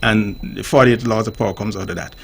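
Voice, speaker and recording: A man talks on call-in radio. His voice is gravelly and a bit husky. He makes his points like a teacher and keeps asking whether the listener follows. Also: on the low side, fairly even intonation, quick pace.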